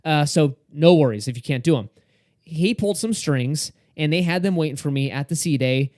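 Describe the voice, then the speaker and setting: A man's voice: a little high, animated, moderate pace, darkish tone, no room sound, studio quality. A young man co-hosting a podcast, telling a story in casual chat and acting out the quoted dialogue. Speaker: podcast co-host.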